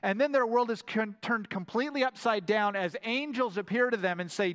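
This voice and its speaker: High-voiced preacher in an echoing hall. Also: male voice, fairly quick. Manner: animated storytelling preaching with frequent repeated words. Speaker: pastor. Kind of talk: sermon. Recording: long hall reverb.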